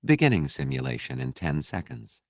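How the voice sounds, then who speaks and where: A man voices a flight-simulator computer in an audiobook, reading out numbers in a flat, mechanical way. The voice is very low and dry, heard close up. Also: moderate pace, no room sound, full character voice.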